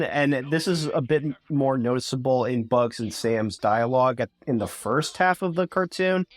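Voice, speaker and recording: A man as guest co-reviewer, talking casually and rambling with hedges and restarts. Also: mid-range voice.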